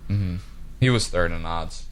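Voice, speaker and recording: A man's voice: sits low, measured pace, slight background noise. A young man hosting a college radio sports show, chatting casually and rambling as he reads out odds and predictions. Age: young adult. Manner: rambling, easygoing, trails off mid-sentence.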